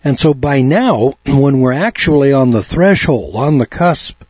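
A man's voice: mid-range voice, animated, a little slow, a little mellow, husky, no room sound. A middle-aged man giving a talk radio monologue in a folksy, sarcastic way, full of rhetorical questions. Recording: dull lo-fi dry recording.

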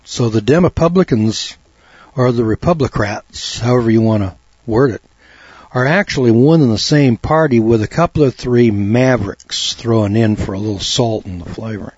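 A middle-aged man speaks a talk radio monologue in a folksy, sarcastic tone, firing off rhetorical questions. His voice is a little husky. The recording is dull and lo-fi with a dry, close sound. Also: mid-range voice, normal speed, a little mellow, dry recording.

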